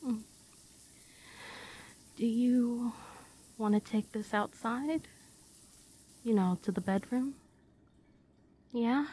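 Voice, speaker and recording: A woman's voice: a little high, extremely slow, pauses often, warm tone, husky. A woman performing an intimate audio role-play to the listener, playful and teasing, often giggling.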